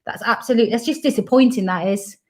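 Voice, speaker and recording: A woman's voice: on the high side, brisk, a little mellow. A woman from Coventry in her thirties, chatting casually and laughing often on a live stream. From Coventry, England. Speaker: dementia carer and travel vlogger.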